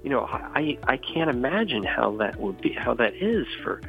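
A man's voice: very animated, moderate pace, vocal fry, phone-quality sound, soft background music. A man, a ministry leader, telling earnest stories in an interview and acting out quoted dialogue. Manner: earnest, acts out quoted dialogue with rising pitch. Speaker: CEO of a boys' outdoor ministry, guest.

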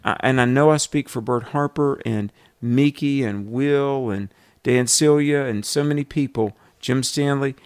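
A man's voice: medium pitch, unhurried, clear, resonant tone, no echo, studio quality. A male radio host making an earnest fundraising appeal and telling stories to rally listeners.

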